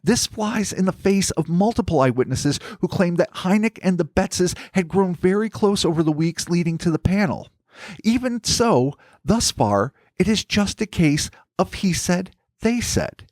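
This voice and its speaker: A man's voice: high-pitched, expressive, unhurried, a little mellow, no room sound, clean studio sound. Wry man narrating a mystery podcast. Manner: wry, theatrical storytelling. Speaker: podcast host. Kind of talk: scripted narration with banter.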